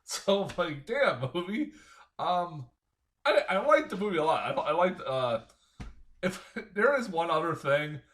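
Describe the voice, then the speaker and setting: Man, casual film reviewer, rambles and swears, bright voice that swings up and down a lot. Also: fairly high pitch, big pitch swings, a little slow. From United States. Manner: rambling, profane, chuckling, lots of fillers.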